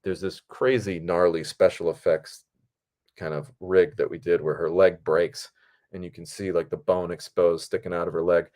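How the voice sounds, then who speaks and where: A man hosting his own show, telling behind-the-scenes stories in a rambling, animated way and acting out what people said. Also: normal speed. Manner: rambling and animated, acts out quotes in higher voices. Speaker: podcast host and film director. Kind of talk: casual storytelling monologue.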